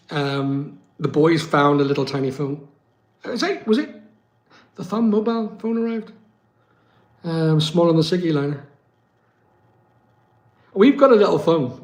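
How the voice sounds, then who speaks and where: A man's voice: a little high, darkish tone, roomy sound. A man from West London hosting a casual live chat, reading out viewer comments and answering them with plenty of ums. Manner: chatty, reads out comments, many ums.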